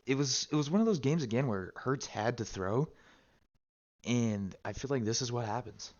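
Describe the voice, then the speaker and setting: A man's voice: mid-range voice, lively intonation, normal speed, darkish tone, highs cut off. A man co-hosting a casual sports talk show, rambling and cursing freely, with lots of restarts. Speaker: sports podcast co-host. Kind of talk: casual chat.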